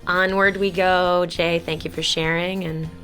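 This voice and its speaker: Female podcast co-host, low and slow, bright crisp tone, casual and warm-hearted. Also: level tone, soft background music.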